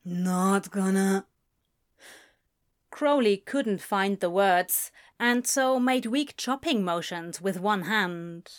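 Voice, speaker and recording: A woman reading a story aloud, narrating in an unhurried, expressive way. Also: mid-range voice. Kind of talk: reading fan fiction aloud.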